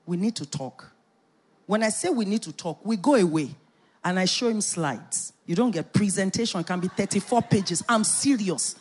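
A middle-aged woman pastor preaching a sermon, emphatic and animated, with playful asides. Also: mid-range voice, normal speed, husky.

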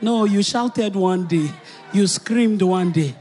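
A middle-aged woman with a Nigerian accent preaches from the pulpit, weaving a personal story into her sermon. She tells it with animated energy, breaking into loud exclamations and rising cries. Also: mid-range voice, takes it slowly, soft background music.

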